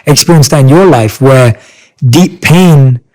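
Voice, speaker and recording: A man's voice: medium pitch, a little slow, darkish tone, rough recording. Earnest male podcast host. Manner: earnest, encouraging, frequent affirmations. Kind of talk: conversational interview.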